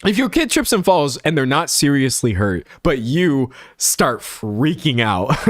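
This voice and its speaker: A young man streaming, chatting casually and reading out chat, often laughing and slipping into high voices. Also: measured pace, hardly any pauses, no room sound, studio quality. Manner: animated, laughing, slangy, jumps into high voices.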